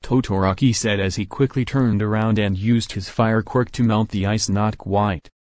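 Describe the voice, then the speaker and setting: Male narrator, fan story reading, steady and plain, low voice, dry close sound. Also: moderate pace, dry recording.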